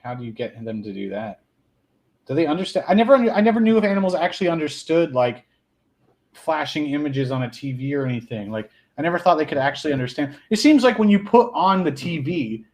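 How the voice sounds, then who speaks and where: A man talking loosely on a podcast, his voice sitting a bit higher than most men's. He jokes crudely and laughs often as he rambles from one thought to the next. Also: a little mellow. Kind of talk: casual podcast chat.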